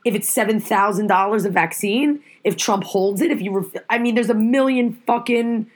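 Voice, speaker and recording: A woman's voice: on the high side, moderate pace. A woman hosting a podcast, ranting heatedly and swearing often. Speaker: podcast host. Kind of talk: casual podcast rant.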